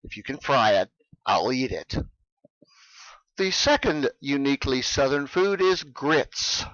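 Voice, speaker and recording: A man teaching English in a scripted lesson, speaking clearly and with emphasis for learners. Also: mid-range voice, big pitch swings, a little slow, a bit bright, no room sound, highs cut off.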